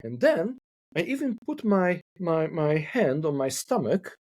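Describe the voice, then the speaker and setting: A man's voice: fairly high pitch, very animated, a little slow, a little mellow, dry recording. A man from Hungary who speaks English as a second language, a couple therapist talking thoughtfully in a podcast interview and repeating words as he searches for them.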